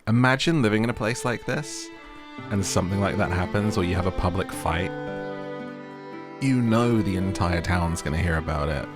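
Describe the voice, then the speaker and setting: A man's voice: low-pitched, moderate pace. A young man casually commenting while playing a cozy game, chatty and playful, easily delighted. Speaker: gaming video creator. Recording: game music behind.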